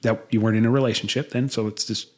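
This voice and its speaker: A man's voice: on the low side, fairly even intonation, very fast. A man in his thirties co-hosting a marriage podcast in casual chat, blunt and profane, getting fired up as he talks. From United States. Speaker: podcast co-host.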